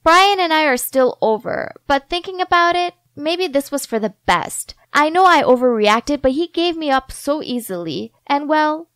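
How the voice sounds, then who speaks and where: A woman narrating a first-person drama story with dramatic, expressive delivery and sarcastic asides. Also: high voice, moderate pace, few pauses, no room sound.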